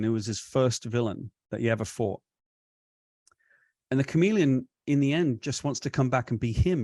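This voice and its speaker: A man's voice: mid-range voice, dry recording, studio quality. Rambling man telling a long story. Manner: rambling, animated retelling with self-corrections. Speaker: comic book writer, guest. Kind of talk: storytelling interview answer.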